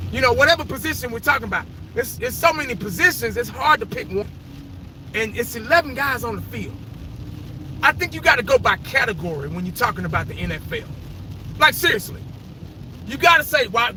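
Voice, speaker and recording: A man's voice: sits high, sharp tone, slight background noise, poor audio. A man giving his casual, opinionated take on football greats, swearing freely and rambling as he goes. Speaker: fan vlogger. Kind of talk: casual sports opinion rant.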